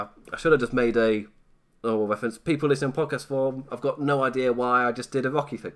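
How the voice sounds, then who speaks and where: A man's voice: mid-range voice, fairly even intonation, fast. A British man hosting a live stream, commenting casually in a rambling, self-mocking way and laughing often.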